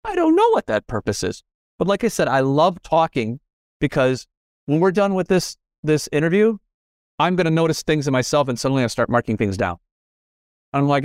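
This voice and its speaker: A man hosting a casual interview, talking with enthusiasm and sudden leaps in pitch. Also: sing-song, a little fast, smooth, no echo, clean studio sound. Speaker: podcast host. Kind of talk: casual conversation.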